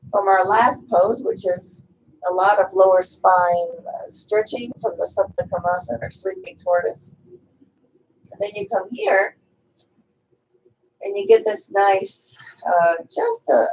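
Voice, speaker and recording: A woman yoga teacher, likely in her thirties, guiding a slow restorative yoga class in a calm, chatty way with fillers and small asides. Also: mid-range voice, a little hiss or hum, poor audio. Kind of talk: guided restorative yoga instruction.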